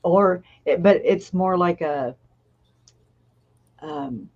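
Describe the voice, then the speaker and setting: A woman co-hosting a casual true-crime chat. She speaks haltingly, laughs often and breaks off her own sentences. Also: on the low side. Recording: muffled lo-fi audio.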